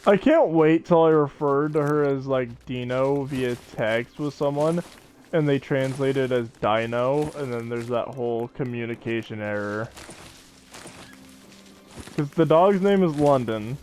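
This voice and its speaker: A man's voice: mid-range voice, a little mellow, a little hiss or hum. Rambling, joking young male game streamer. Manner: rambling, joking, quick to laugh. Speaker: gaming streamer. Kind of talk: casual live-stream chat while gaming.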